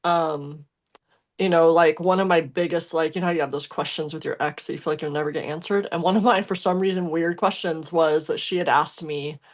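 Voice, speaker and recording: In a low voice with fairly even intonation, this young woman, a podcast co-host, speaks briskly about a past relationship in casual conversational storytelling. Her delivery is emotional and meandering, packed with fillers and frequent self-corrections and restarts.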